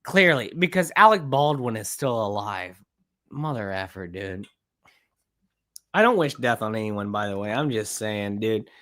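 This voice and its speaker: A man's voice: on the low side, measured pace. A man hosting a podcast who rants in a casual, profane way while reacting to a clip. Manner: ranting, profane, animated. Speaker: podcast host.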